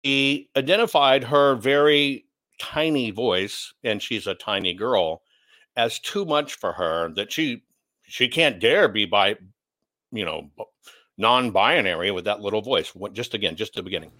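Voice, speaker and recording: A man's voice: on the low side, animated, unhurried, sharp tone. A man hosting an opinionated commentary show, blunt and sarcastic as he rants. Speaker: commentary host.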